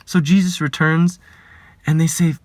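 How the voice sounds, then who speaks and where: A man gives a reflective spiritual talk at a slow, deliberate pace, earnest and measured, sometimes sinking to a hushed whisper. His voice sits a little high and sounds dry and close, with no room around it. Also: level tone, no echo. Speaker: life coach giving a spiritual talk.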